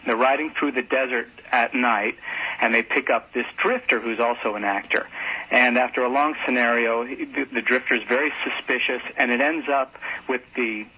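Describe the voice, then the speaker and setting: Male phone-in caller, halting storyteller, husky, lo-fi phone sound. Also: medium pitch, steady tone. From Philadelphia area. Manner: halting, repeats words while telling a story. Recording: muffled phone line on radio.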